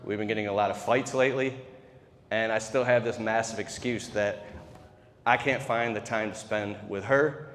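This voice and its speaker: A man's voice: fairly low pitch, steady tone, moderate pace, fairly bright tone. A man giving a keynote speech as a candid, profane, conversational personal story. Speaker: keynote speaker. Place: large convention hall. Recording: reverberant convention hall.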